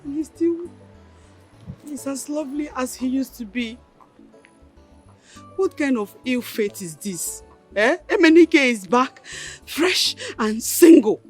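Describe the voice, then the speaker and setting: A lamenting Nigerian wife. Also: female voice, high-pitched, animated, takes it slowly, pauses often, faint music behind. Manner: dramatic, lamenting. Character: unhappy married woman regretting her husband.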